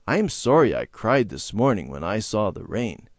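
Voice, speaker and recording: A man reading aloud and voicing an excitable little girl who cries easily, in a high, eager storybook voice. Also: moderate pace, no room sound, studio quality. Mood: content.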